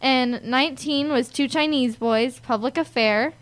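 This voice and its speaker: A woman's voice: sits high, a little slow. A young girl co-hosting a kids' radio show, chatting casually, giggling and backing up her co-host.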